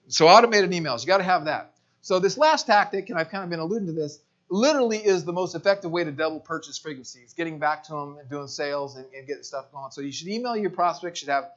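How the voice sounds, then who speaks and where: A man giving a live marketing seminar to a room, energetic, repeating phrases and checking in with "right?". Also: a little high, dull audio. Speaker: marketing speaker.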